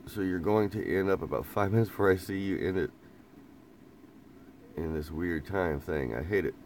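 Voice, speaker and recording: An easygoing vlogger sits inside a parked camper van reading his live chat aloud, rambling casually, laughing a lot, and repeating phrases. His voice is low and a little mellow at normal speed, with a light hum in the background.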